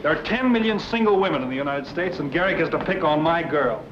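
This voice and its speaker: A man's voice: on the high side, expressive, quick pace, close to an everyday voice. An actor playing a jealous, exasperated young man with a sarcastic edge, on an old hissy soundtrack. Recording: lo-fi 1940s film soundtrack with hiss.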